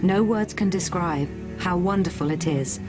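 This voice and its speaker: A woman's voice, pitched well below most, carries a measured documentary narration. Her delivery is calm and even. A music bed plays clearly beneath her.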